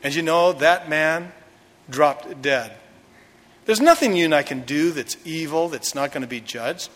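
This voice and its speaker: Man, pastor, dramatic sermon, slightly high voice, long hall reverb. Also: measured pace, fairly bright tone. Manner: dramatic retelling with acted quotes.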